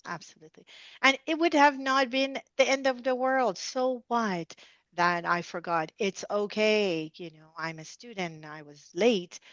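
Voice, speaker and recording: A middle-aged woman tells her stories with animation, scattering little asides as she goes. She is a guest dentist on an interview show. Her voice sits at an ordinary pitch, and the recording is dry and dull with little top end. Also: unhurried, no echo. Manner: animated storyteller, many "you know" asides. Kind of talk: conversational storytelling interview.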